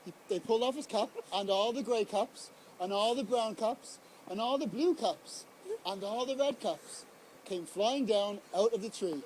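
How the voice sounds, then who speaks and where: A young man reading a picture book aloud to children, acting out the characters with lively storytelling. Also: high-pitched, normal speed, slight background noise. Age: young adult. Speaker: guest reader at a children's event.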